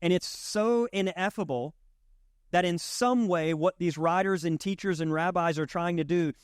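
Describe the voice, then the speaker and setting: A male pastor gives a conversational sermon in a fairly high voice. He keeps checking in with his listeners as he talks. The sound is dry and close. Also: moderate pace, clear, resonant tone, dry recording.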